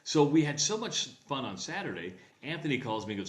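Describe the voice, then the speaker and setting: A man's voice: medium pitch, big pitch swings, fairly quick, reverberant. A man co-hosting a radio show, telling a travel story in casual chat and acting out the voices of people he quotes. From Nebraska.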